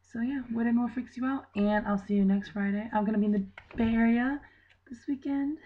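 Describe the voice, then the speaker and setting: A woman's voice: a little high, a little fast, phone-quality sound. A tired young woman in casual vlog chat, rambling and chatty with lots of fillers. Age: young adult. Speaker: channel regular.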